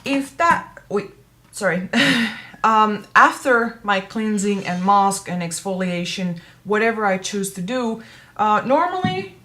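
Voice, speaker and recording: A woman's voice: mid-range voice, unhurried, bright, forceful tone. A woman beauty vlogger giving a casual skincare product review, chatty and self-correcting, repeating words for emphasis.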